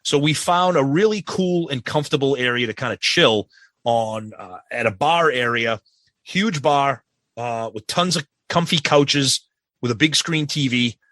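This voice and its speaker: A man co-hosting a podcast, telling a crude, animated story in casual chat. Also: mid-range voice, unhurried, no echo. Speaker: podcast co-host.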